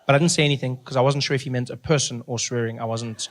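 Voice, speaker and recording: A man's voice: medium pitch, steady tone, fast, a little hiss or hum. A man from Africa, doing stand-up in a conversational, emphatic way. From South Africa. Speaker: stand-up comedian. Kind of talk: stand-up storytelling.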